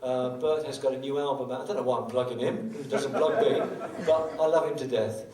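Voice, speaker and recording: With crowd noise in the background, an older guitarist chats between songs in a medium-pitched voice, fairly even and slightly quick. He pokes fun at himself and rambles with joking asides. The recording, made on a distant mic in a roomy live venue, includes guitar.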